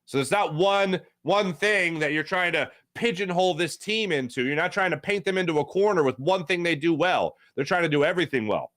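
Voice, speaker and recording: A man's voice: high voice, expressive, brisk, fairly bright tone, no echo, clean studio sound. A man hosting a sports talk show, rambling casually and animatedly with lots of fillers and restarts. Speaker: sports radio host.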